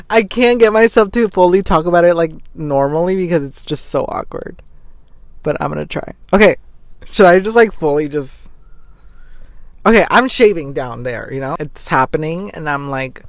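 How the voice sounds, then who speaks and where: A young man with a slightly high voice hosts his podcast and rambles through an awkward story. He giggles and restarts often out of embarrassment. The sound is dry and close to the mic. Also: dry recording. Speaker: podcast host. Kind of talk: casual confessional chat.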